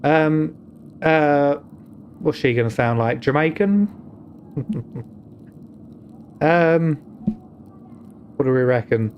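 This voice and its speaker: Streaming a game, a young British man rambles in casual, joking commentary that pokes fun at himself. His fairly high voice draws out words and pauses often, and the audio is dull with a little hiss or hum.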